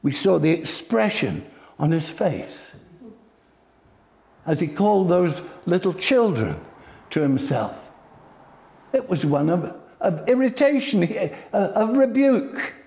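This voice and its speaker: A man preaching a sermon slowly, building to loud, emphatic peaks. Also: fairly high pitch, big pitch swings, vocal fry.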